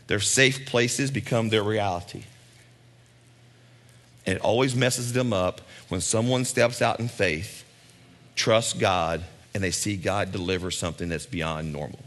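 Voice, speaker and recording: A man's voice: fairly low pitch, unhurried, a bit bright. A male pastor preaching a sermon in a conversational way, with asides and repeated lines for emphasis.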